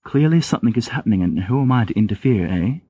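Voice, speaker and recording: A big, unhurried teenage wizard talks slowly and flatly, as a man reads him. The voice is low and husky, recorded close and dry. It comes from an amateur audiobook reading. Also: no echo. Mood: deadpan. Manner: slow, measured, deadpan. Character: big, calm, imposing teenage boy wizard Kingsley.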